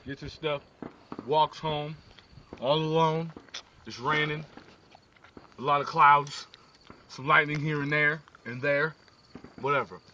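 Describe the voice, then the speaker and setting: A man telling a rambling joke story in a casual, animated way, often checking in with "right?". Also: fairly high pitch, slow, pauses often, a little hiss or hum. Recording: distant lo-fi phone video with crickets.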